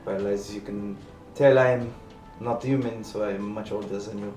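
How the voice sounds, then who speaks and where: A man voicing a 240-year-old high elf woman from a foreign land in a tabletop role-play game, talking in a slow, measured way. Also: steady tone, a little mellow, soft background music, lightly acted. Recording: echoey room.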